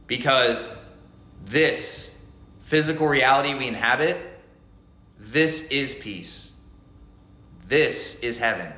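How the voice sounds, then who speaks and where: A man's voice: mid-range voice, pushed and bright. A man giving an intense spiritual monologue, speaking emphatically and repeating phrases. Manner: intense, repetitive, emphatic delivery. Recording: echoey room.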